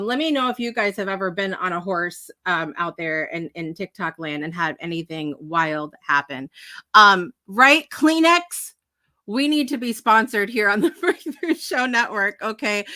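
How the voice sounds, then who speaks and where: A woman's voice: medium pitch, sharp tone, no room sound. A woman hosting a live morning talk show, chatting in a bubbly, emotional way that rambles along with lots of fillers and laughter. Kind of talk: casual live-stream chat.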